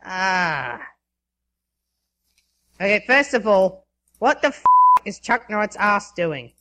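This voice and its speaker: Brief: foul-mouthed Australian podcast co-host, high pitch, bright tone. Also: male voice, big pitch swings, slow. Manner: crude, swears a lot. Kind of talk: casual podcast banter.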